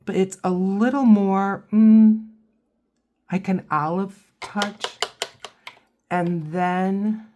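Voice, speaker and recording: Woman, watercolor tutorial, chatty, thinks out loud, lowish voice, slow pace. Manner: chatty, thinks aloud while working. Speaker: watercolor instructor. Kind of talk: casual painting tutorial.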